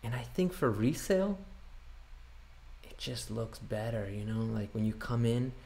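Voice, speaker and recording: A man's voice: medium pitch, lively intonation, unhurried, vocal fry, darkish tone. A man, a boat broker, casually reacting to a promotional video, chatty and opinionated as he thinks aloud.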